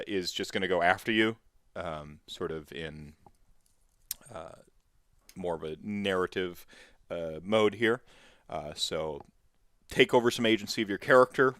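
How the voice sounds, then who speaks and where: A man narrating as game master for a tabletop game, halting with many fillers. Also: low voice, a bit bright, smooth, no room sound, studio quality. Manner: halting, full of fillers and restarts.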